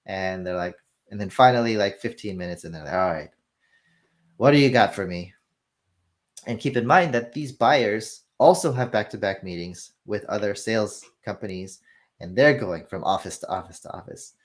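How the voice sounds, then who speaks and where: A man casually explaining the film business as an interview guest, telling animated anecdotes and acting out the dialogue. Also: on the low side, normal speed. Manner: animated storytelling, acts out dialogue.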